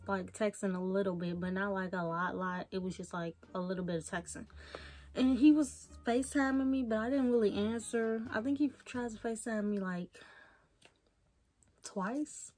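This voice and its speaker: A woman's voice: mid-range voice, a little mellow. A young woman from Chicago, chatting straight to camera as she tells a storytime vlog. Her talk is casual and slangy, with a mid-height voice, and she jumps into raised voices to act out the back-and-forth. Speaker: vlogger.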